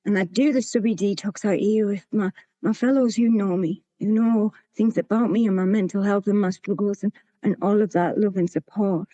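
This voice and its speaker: A woman's voice: medium pitch, steady tone, moderate pace, few pauses, dark tone, no echo, muffled recording. Candid woman sharing her story. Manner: candid, plain-spoken, with frequent restarts. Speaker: recovery meeting speaker. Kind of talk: sharing a personal recovery story.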